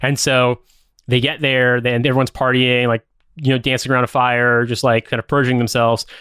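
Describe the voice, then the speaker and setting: A man with a smooth, clear voice talks through a story in a loose, rambling way, swearing freely and leaning on filler words. His pitch sits in an ordinary middle range, and the sound is close and dry, with no room around it. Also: flat delivery, moderate pace, a bit bright, dry recording. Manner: rambling, profane, many fillers. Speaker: podcast co-host. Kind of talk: casual plot recap.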